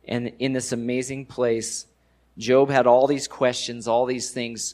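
A man's voice: mid-range voice, level tone, unhurried, a little mellow. A man preaching a sermon in a casual, conversational way, using everyday slang and rising with emphasis on key points. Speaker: pastor.

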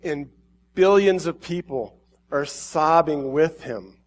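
A man preaching an emotional sermon, swinging between hushed pauses and urgent, quickening passages. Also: a little high.

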